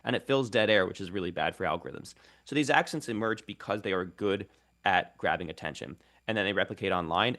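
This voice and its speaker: Low-voiced man explaining language trends. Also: vocal fry, a bit bright. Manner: fluent, thoughtful explaining with quick restarts. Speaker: guest linguist and content creator. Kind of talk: radio interview.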